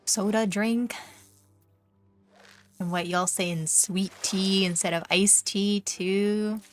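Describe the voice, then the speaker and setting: A woman's voice: medium pitch, fairly even intonation, takes it slowly. A young Canadian woman streamer with a Canadian accent, chatting casually and teasingly with viewers while gaming, full of fillers. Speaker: VTuber streamer. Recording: faint background music.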